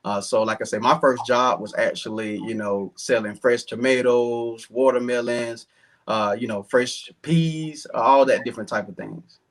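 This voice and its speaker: A man in his thirties with a Southern accent, speaking earnestly as a political candidate in an interview. His voice sits at a middle pitch, and he fills his sentences with ums and uhs. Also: steady tone, measured pace. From southern Georgia, US. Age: 30s. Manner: earnest, many fillers.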